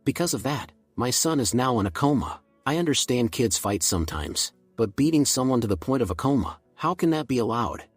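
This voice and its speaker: A man voicing an angry, greedy middle-aged mother who shouts demands at a school. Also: mid-range voice, big pitch swings, brisk, hardly any pauses, husky, no room sound, faint music behind.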